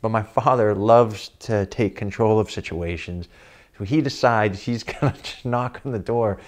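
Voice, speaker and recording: A man tells a comic personal anecdote in a somewhat low voice. He chuckles as the story goes on and keeps a loose, casual storytelling rhythm. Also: normal speed.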